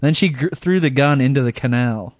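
A man's voice: mid-range voice, brisk, no echo. A man co-hosting a podcast in casual chat, rambling through a story and chuckling often. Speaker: podcast co-host.

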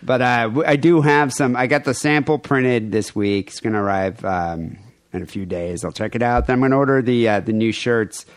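A man's voice: medium pitch, normal speed, no room sound. Male co-host, loose crude banter, dry close mic. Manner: joking, laughs often, loose rambling. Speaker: podcast co-host. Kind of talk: casual crude podcast banter.

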